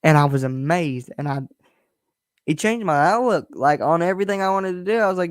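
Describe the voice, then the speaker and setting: A man's voice: on the high side, expressive, fairly quick, no room sound, studio quality. A young man hosting his own show, talking in a blunt, emphatic way, swearing freely and often restarting his words. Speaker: host. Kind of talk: casual personal monologue.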